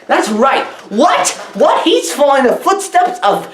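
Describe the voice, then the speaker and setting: A woman rambling through a silly comedic movie review. Her voice sits a little high, she keeps circling back to the same catchphrases with mock-serious confidence, and the room around her rings with echo. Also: big pitch swings, measured pace. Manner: rambling, repeats "what? what?" and "y'all".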